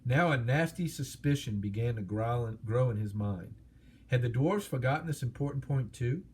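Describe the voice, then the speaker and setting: A man narrating an audiobook in a steady, expressive storytelling manner. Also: mid-range voice, moderate pace, a little hiss or hum.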